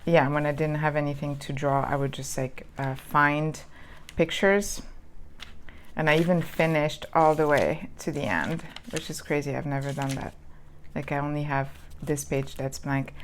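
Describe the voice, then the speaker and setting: A woman's voice: sits low, moderate pace, slight background noise. A woman chatting casually as she flips through old planners, rambling with lots of ums and restarts. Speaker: planner vlogger. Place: lives in Southern California.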